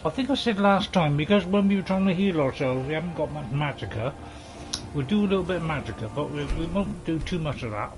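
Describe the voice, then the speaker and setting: A man's voice: fairly high pitch, expressive, brisk, noisy background. A man, a gaming host, giving jokey casual let's-play commentary and bantering with game characters.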